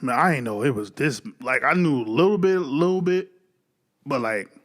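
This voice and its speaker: A man's voice: mid-range voice, lively intonation, normal speed. A man giving casual, slangy reaction commentary, swearing often and sounding incredulous. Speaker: reaction streamer.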